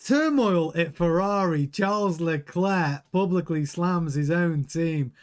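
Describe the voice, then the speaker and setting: A man's voice: a little high, slow. A man hosting a daily motorsport news show, chatting frankly and giving his opinions while greeting viewers in the live chat. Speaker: news channel host.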